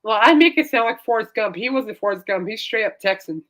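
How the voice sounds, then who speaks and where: A woman's voice: on the high side, lively intonation, fairly quick, fairly bright tone, slight background noise. A woman hosting a casual chat show, rambling and laughing often. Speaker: host.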